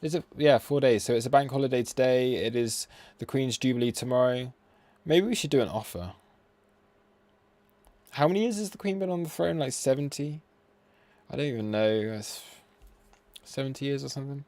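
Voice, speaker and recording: A young man from the UK runs a live crypto trading stream, chatting loosely and joking at his own expense as he reads viewers' requests. His voice sits at an ordinary middle pitch. The sound is dry and close, with no room echo. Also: lively intonation, normal speed, long pauses, a little mellow. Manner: chatty and self-deprecating, reacting to chat. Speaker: crypto trading livestream host. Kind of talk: casual livestream chat.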